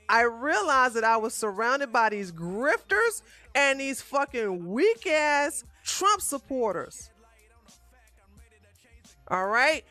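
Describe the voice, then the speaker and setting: A woman's voice: high-pitched, pushed and bright, no echo. A woman hosting a live stream, ranting in a combative, profane way with frequent restarts.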